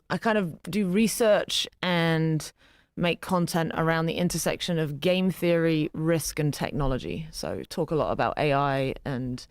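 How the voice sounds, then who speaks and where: A woman's voice: sits low, no echo. Female guest, British accent, hesitant and self-deprecating, dry recording. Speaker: podcast guest, former pro poker player. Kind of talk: casual podcast talk.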